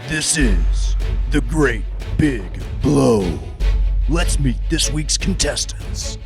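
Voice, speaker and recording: A man's voice: medium pitch, expressive, extremely slow, exaggerated voice. A man voicing a dramatic male announcer introducing a competition show in a trailer. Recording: clear music bed underneath. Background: guitar music.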